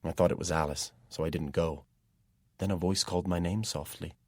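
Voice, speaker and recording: A man reading a dark fantasy audiobook in steady, measured first-person narration, recorded on a close microphone. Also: deep voice, no room sound.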